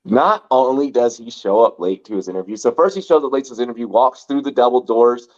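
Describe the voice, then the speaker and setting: A man's voice: medium pitch, fairly quick, a little mellow. Rambling, profane man from LA, lo-fi. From Los Angeles. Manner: rambling and profane, heavy use of "like". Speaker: podcast host. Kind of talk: casual storytelling chat.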